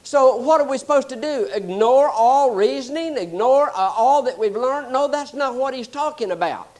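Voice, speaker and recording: A man preaching a sermon, explaining scripture and telling animated stories. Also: extremely high pitch, moderate pace. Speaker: pastor.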